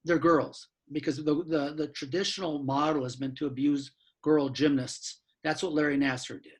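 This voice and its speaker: A man in his sixties, a law professor and author, giving a frank, blunt talk with mild swearing and quick asides, from his apartment over a video call. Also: fairly high pitch, breathy edge. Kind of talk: candid lecture-style talk.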